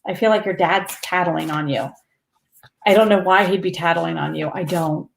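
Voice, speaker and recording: A woman's voice: lowish voice, moderate pace, vocal fry, echoey room. A woman hosting a spiritual live stream, chatting with viewers in an earnest, rambling way and laughing often.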